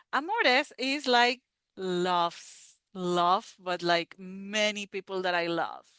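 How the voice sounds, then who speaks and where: Slow, bright-voiced woman teaching pronunciation. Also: on the low side, clean tone, no room sound. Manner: patient, repeats words slowly. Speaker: Spanish teacher.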